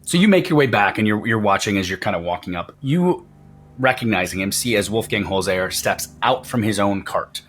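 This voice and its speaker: A man acting as game master, narrating a tabletop role-playing game in an animated way. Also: on the low side, fairly quick. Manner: animated, laughing, lively narration.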